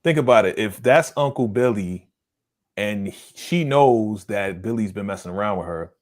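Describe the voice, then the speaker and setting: A man hosting a casual live-stream discussion, animated and laughing often, repeating his points for emphasis. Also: fairly low pitch, normal speed. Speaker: host of a live show recap.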